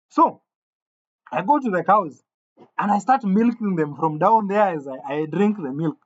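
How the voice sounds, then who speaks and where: A man telling a comic gossip story in an animated way, stammering over restarts and jumping suddenly into quoted voices. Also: high-pitched, moderate pace. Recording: dull lo-fi sound.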